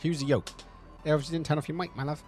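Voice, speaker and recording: A man's voice: fairly high pitch, little pitch movement, rapid-fire, darkish tone, faint music behind. A man with a South London Cockney accent, chatting casually on a live stream, rambling, swearing freely and reacting to chat messages.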